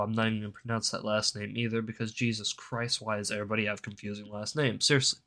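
Young man, show host, profane rambling rant, bright forceful voice. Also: on the low side. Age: young adult, about 18. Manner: profane, rambling, goes off on tangents. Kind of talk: ranting solo news commentary.

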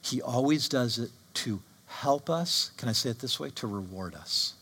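A man's voice: mid-range voice, expressive, normal speed, sharp tone, slightly rough. A man preaching a sermon with emphatic delivery and frequent rhetorical questions. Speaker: pastor.

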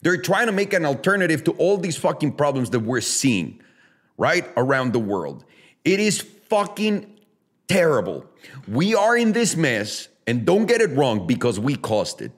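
A man's voice: on the high side, very animated, measured pace. A man hosting a casual solo podcast, ranting bluntly with heavy swearing and throwing rhetorical questions straight at his listeners. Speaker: podcast host.

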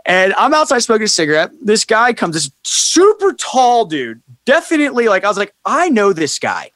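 A man with a high, light voice tells a rambling story in casual podcast chat. He swears freely and keeps jumping into other people's voices to act out what they said. The sound is dry and close, with no room around it. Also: a little fast, no room sound. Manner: animated, acts out quoted people in raised voices, swears freely. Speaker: podcast guest.

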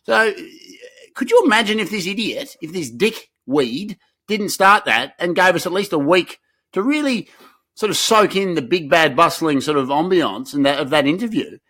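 With a slightly high, somewhat bright voice and lively intonation, this Australian podcast co-host in his thirties chats at normal speed. The conversation is casual and comedic, full of relaxed banter and rambling restarts.

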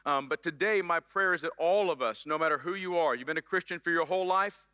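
A man's voice: on the high side, quick pace, bright, forceful tone, clean tone, big-room sound. A middle-aged man preaching a sermon as pastor, upbeat and joking with the congregation in a church. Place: church sanctuary.

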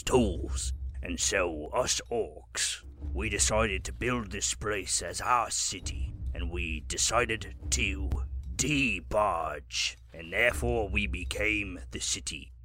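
Sex: man. Figure: a man voicing a courteous orc, deep-voiced and earnest. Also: slow, sharp tone, full character voice. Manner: courteous, slightly bumbling. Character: polite, earnest male orc city-builder.

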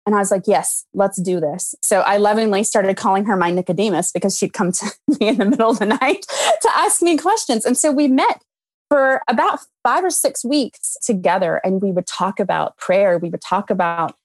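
A woman in her thirties telling a personal faith story, animated, laughing often and acting out what people said. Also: mid-range voice, brisk, no echo. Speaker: guest. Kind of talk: storytelling testimony.

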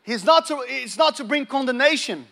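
A man with a notably high voice preaches to a live congregation. He tells a personal testimony, acting out the dialogue. He keeps turning to the crowd with questions. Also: expressive, normal speed, gravelly, a bit bright. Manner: storytelling, acts out dialogue, engages the audience. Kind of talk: sermon with testimony.

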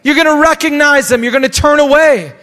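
High-voiced pastor preaching in a reverberant church. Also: male voice, fairly quick, pushed and bright. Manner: exhorting, repeats phrases for emphasis. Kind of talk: live sermon. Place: church sanctuary. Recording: long church hall reverb.

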